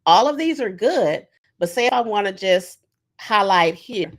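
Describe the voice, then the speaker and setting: A woman's voice: medium pitch, lively intonation, measured pace. A woman presenting a casual online workshop, talking conversationally with many fillers and acting out sample prompts. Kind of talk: casual webinar teaching.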